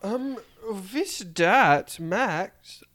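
A young man co-hosting a casual podcast, rambling through anecdotes with plenty of filler words. His voice is a little higher than most men's. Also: lively intonation, drawn-out words, fairly bright tone. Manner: rambling, storytelling. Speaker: podcast co-host. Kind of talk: casual chat.

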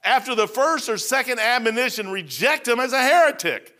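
Male preacher, middle-aged, from kentucky, folksy and chatty, high bright voice. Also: lively intonation, normal speed. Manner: folksy, conversational, says "man" often. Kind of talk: informal sermon.

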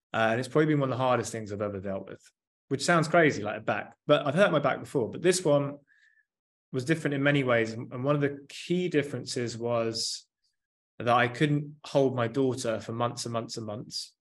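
A man in his 30s, appearing as a coach or therapist guest, talks in a casual, candid interview. His mid-range voice moves at a moderate pace, and he comes across as earnest and reflective, often reaching for "like" and "you know."

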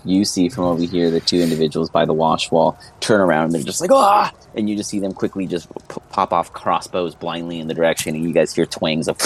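A man's voice: low voice, darkish tone, a little hiss or hum. A man narrating a tabletop game as game master in a loose, rambling way with lots of fillers.

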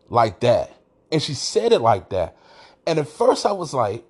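A man's voice: mid-range voice, moderate pace, husky. A man hosting a podcast, telling a story in a rambling, casual way and restarting his sentences often. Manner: rambling, restarts sentences, animated when retelling. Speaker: podcast host.

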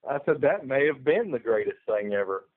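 A man's voice: mid-range voice, very animated, a little fast. A man co-hosting a podcast, trading wry, laid-back banter in a casual chat. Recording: tinny phone-like sound.

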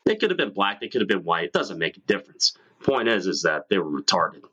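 Bright-voiced man, crude casual chat. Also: low voice, sing-song, quick pace, highs cut off. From New York. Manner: crude, swearing, laughing often. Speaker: podcast host.

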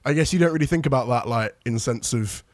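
A man co-hosting a podcast in casual chat, playful and teasing, quick to laugh. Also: mid-range voice, no room sound, studio quality. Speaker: podcast co-host.

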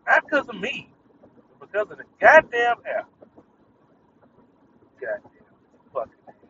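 A man's voice: high voice, wildly swooping pitch, unhurried, bright, forceful tone, recorded from a distance, muffled recording, a little hiss or hum. A young man ranting casually, irritated and swearing, breaking into laughter at his own jokes. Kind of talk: casual venting monologue.

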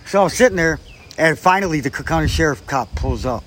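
A man's voice: fairly high pitch, animated, a little fast, a bit bright, a little hiss or hum. A man telling a story in casual chat, swearing freely and acting out what people said. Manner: profane, acts out quoted people. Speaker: guest storyteller.

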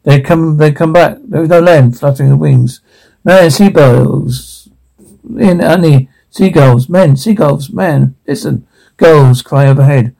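A man reading a drama script aloud, sound cues and all, in a halting way with frequent restarts. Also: a little high, gravelly, warm tone, poor audio.

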